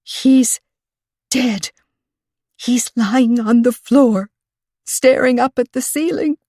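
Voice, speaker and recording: A woman voicing a frantic, soft-spoken assistant librarian who talks breathlessly and in panic, in an audiobook reading. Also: normal speed, dry recording, clean studio sound. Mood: panicked. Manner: breathless, panicky, high and tremulous.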